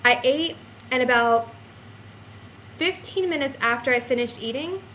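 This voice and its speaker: Breathless young woman with a slightly high voice, teary, halting vlog chat. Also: a bit bright, slight background noise. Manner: halting, many fillers and sighs, nervous laughs. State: out of breath, close to tears. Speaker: vlogger. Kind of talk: casual pregnancy vlog.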